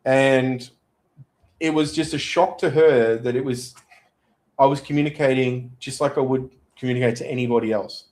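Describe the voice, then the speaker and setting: A man chatting as a podcast guest. He tells his stories in an animated, everyday way, with a voice sitting in the middle of the male range. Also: mid-range voice, moderate pace, rough recording. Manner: animated storyteller. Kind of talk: casual podcast chat.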